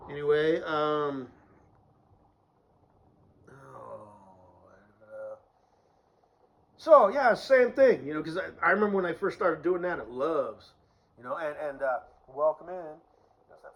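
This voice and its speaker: A man delivering a sarcastic, profane rant, mumbling at times and shouting at others. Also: a little high, lively intonation, moderate pace, poor audio. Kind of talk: casual ranting monologue.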